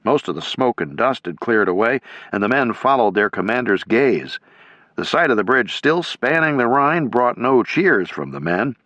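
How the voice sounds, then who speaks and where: Man, audiobook narrator, measured scripted reading, dry close mic, muffled lo-fi. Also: medium pitch, sing-song, fairly bright tone, dry recording. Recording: dull lo-fi.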